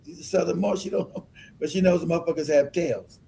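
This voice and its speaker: A man's voice: a little high, quick pace, creaky, dark tone, slight background noise, low-quality recording. A man hosting a stream, reacting to clips with loose, profane commentary and laughter. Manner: loose, laughing, swearing, talks over clips.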